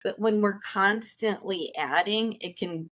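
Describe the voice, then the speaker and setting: A woman's voice: medium pitch, measured pace, a bit bright, no echo. A woman co-hosting a casual podcast conversation, thoughtful and practical as she shares tips. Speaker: podcast co-host.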